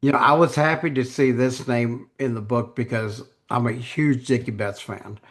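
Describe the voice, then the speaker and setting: A man hosting a podcast, asking questions in a relaxed, casual way. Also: medium pitch, normal speed, over music. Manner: relaxed, short reactions and laughs. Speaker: podcast host. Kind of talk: casual interview.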